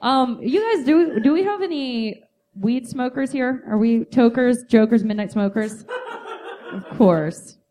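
A woman's voice: fairly high pitch, measured pace, dark tone. A woman doing stand-up comedy, goofy and self-mocking. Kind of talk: stand-up comedy on a podcast stage.

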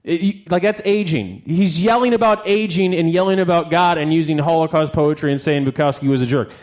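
A man's voice: fairly high pitch, fairly quick. A man hosting a live music talk, joking and swearing as he discusses an album for an audience on stage. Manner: animated, swearing, jokey asides.

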